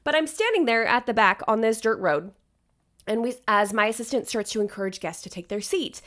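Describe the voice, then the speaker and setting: Woman, wedding planner, high bright voice, chatty storyteller aside-heavy vlog delivery. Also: expressive, brisk.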